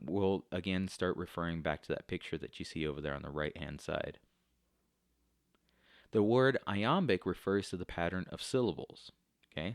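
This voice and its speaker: A man with a very low voice teaches a class in a recorded lecture. He explains things step by step and often pauses on "uh" and "um". The sound is dry and close, with no room echo. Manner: explanatory, with frequent fillers.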